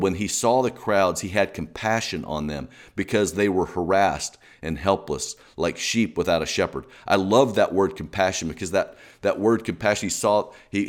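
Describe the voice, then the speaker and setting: Deep-voiced man giving an earnest teaching. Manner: earnest, repeats key points for emphasis. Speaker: Christian teacher for husbands. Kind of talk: teaching talk.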